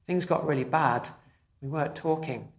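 A man, a pastor, preaching a sermon in a measured, emphatic way, slowing down to stress key phrases. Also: a little high, vocal fry, roomy sound.

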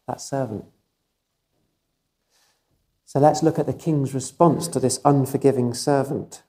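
Mellow-voiced male preacher. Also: medium pitch. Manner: emphatic, vivid storytelling with repeated phrases. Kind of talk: sermon.

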